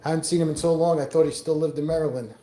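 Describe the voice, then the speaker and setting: A middle-aged New Yorker with a mixed New York accent rambles casually while answering viewers on an outdoor livestream on a windy day. His voice is a little high, steady, mellow, and quick, and the sound is echoey.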